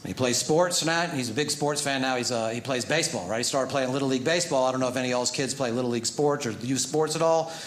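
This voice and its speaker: A man's voice: mid-range voice, fast talker, few pauses. A man in his thirties doing a stand-up set on a club stage into a handheld mic, chatty and peppered with "right?". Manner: conversational, peppered with "right?", animated when mimicking. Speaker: stand-up comedian. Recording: echoey club with audience noise.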